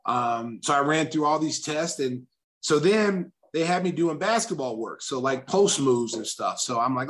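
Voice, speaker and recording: A middle-aged man from Oklahoma spins a long, casual story for an interviewer. His voice sits a little high, and he throws himself into the quoted lines, jumping up in pitch for the big moments. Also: unhurried. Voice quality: animated storyteller who acts out quotes. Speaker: guest, former basketball player. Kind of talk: casual anecdote telling.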